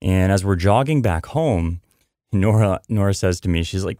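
A man's voice: low-pitched, expressive, moderate pace, warm tone, no room sound, clean studio sound. A man hosting a podcast, telling a story in a chatty way, with many asides and repeated words for emphasis. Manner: chatty, lots of "I mean" and "you know" asides. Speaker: podcast host.

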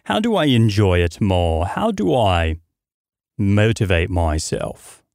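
A man's voice: on the low side, sing-song, takes it slowly, vocal fry, a little mellow, no echo, studio quality, exaggerated voice. A man voicing a listener with a put-on British accent who earnestly asks for advice. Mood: pleading. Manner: earnest questioning.

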